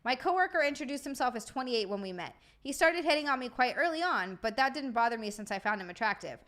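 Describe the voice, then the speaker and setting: A high, bouncy woman's voice that swings all over as she hosts a casual livestream chat. She is excitable and loose, swearing freely and laughing between the super chats she reads aloud. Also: quick pace. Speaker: streamer and podcast host.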